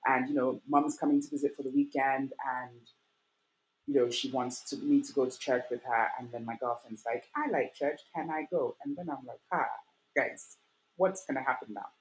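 A young woman with a low-pitched voice recounts her own story in a relaxed interview. She talks in an animated way, slipping into the voices of the people she quotes and leaning on casual fillers as she goes. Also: normal speed, a little hiss or hum, poor audio. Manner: animated, acts out quoted voices, many fillers like "like" and "you know". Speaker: guest. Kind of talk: personal storytelling in conversation.

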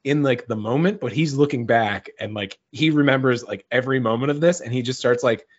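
A man in casual podcast chat, animated and swearing freely, with lots of "like" fillers, on a dull lo-fi recording. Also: medium pitch, fairly quick. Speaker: podcast co-host. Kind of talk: casual chat about a film. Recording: dull lo-fi sound.

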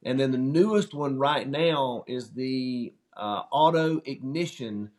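A man talking in a relaxed, plain-spoken way, telling stories as a guest in a casual interview. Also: mid-range voice, slow pace. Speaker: company founder's son, guest.

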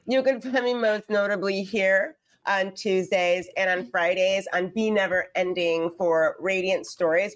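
A woman introducing herself as a tabletop game player in a bubbly, rambling way, laughing as she goes. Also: mid-range voice. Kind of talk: casual self-introduction.

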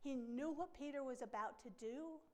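A woman's voice: high-pitched, moderate pace. A woman pastor preaching a sermon, stressing her points by repeating phrases.

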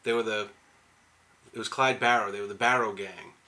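A man's voice: lowish voice, fairly even intonation, moderate pace, pushed and bright. A man casually recapping a movie on a podcast, rambling and swearing, with lots of "like" fillers. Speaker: podcast co-host.

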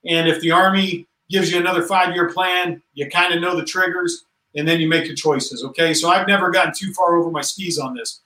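A man's voice: fairly even intonation, a little fast, pushed and bright, reverberant, distant mic, rough recording. A man in his forties, an army general, talking earnestly and emphatically in a conversational interview. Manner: emphatic and earnest, rising in pitch as he stresses points. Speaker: Army general, podcast guest.

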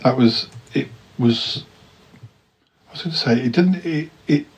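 A man's voice: medium pitch, measured pace, slightly rough, rough recording. A man chatting casually as podcast co-host, hesitant and restarting often. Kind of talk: casual chat about old TV.

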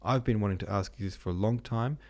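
Tearful young princess, deep and gravelly, read by a man. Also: fast talker, a little mellow, natural voice. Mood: upset.

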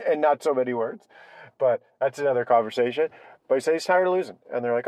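A man hosting his own podcast from his truck, telling a rambling, energetic personal story. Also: mid-range voice, fast talker, no room sound, highs cut off. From Canada. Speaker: podcast host. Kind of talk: solo podcast talk.

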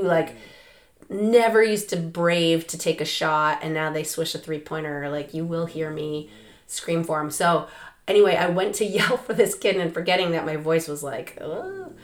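A woman with a hoarse, raspy voice from losing it, hosting a podcast in a chatty way with frequent laughs and fillers. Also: fairly low pitch. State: hoarse, lost voice. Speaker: podcast host and coach. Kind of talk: casual podcast monologue. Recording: roomy echo.

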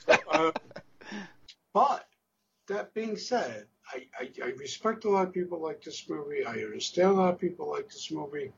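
A man co-hosting a casual film review podcast, halting as he searches for words, with casual swearing. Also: on the high side, expressive, vocal fry, dull audio, noisy background. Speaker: podcast co-host.

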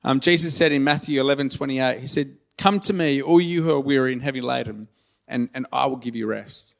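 A man's voice: medium pitch, brisk, creaky. A man preaching a sermon in a church, earnest and conversational, turning emotional and joking at his own expense. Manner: earnest, emotional and conversational, with self-deprecating humor. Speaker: pastor. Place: church hall.

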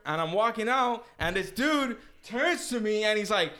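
A man's voice: sits high, lively intonation, a little slow, few pauses, bright, forceful tone, a little hiss or hum. A young man in casual chat, telling a rambling story with slang and restarts.

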